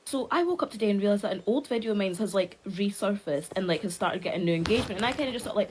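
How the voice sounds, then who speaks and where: A woman's voice: mid-range voice, lively intonation, rapid-fire, hardly any pauses, noisy background. Chatty Scottish woman, plenty of "like". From Scotland. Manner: chatty, lots of "like" fillers. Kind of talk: casual chat to camera.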